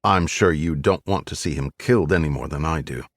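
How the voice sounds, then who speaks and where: A man's voice: extremely low pitch, brisk, dry recording, pitched below the performer's own voice. A man voicing a firm, pressing female FBI agent in an audiobook. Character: determined female FBI agent, adult, blunt.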